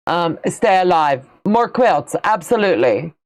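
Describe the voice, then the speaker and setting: Answering viewer comments in a folksy, talkative manner, this middle-aged quilting channel host runs a relaxed livestream. She speaks unhurriedly in a lower voice with lively intonation.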